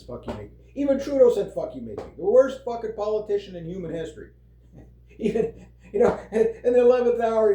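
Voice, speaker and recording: A man with a fairly high but mellow voice rants in a loose, rambling way. He swears freely, leans on fillers and breaks into laughs. His voice echoes around the room. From Canada. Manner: rambling, profane, heavy fillers, laughs often. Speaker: vlogger. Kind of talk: casual political rant. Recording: roomy echo.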